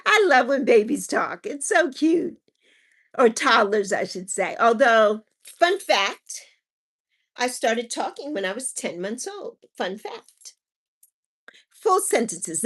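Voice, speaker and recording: A woman's voice: sits high, a bit bright. A woman hosting a livestream in casual chat, who reads viewer comments aloud and laughs often. She is a mother. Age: adult with a child. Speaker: livestream host.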